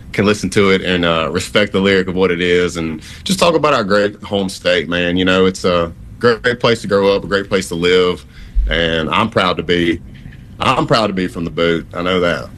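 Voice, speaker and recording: A man in his thirties from Louisiana answers questions in a relaxed, drawling way and keeps saying "man". His voice is very deep. A faint hum of noise sits behind him. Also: moderate pace. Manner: easygoing, drawling, says "man" a lot. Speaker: country singer guest. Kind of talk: casual interview answers.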